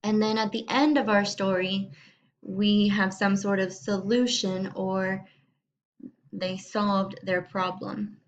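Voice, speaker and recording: Woman teacher reading a kids story out loud, slow and clear, bit of a dull muffled recording. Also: medium pitch, flat delivery. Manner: slow and clear, addressing young students. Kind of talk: reading a storybook aloud to children.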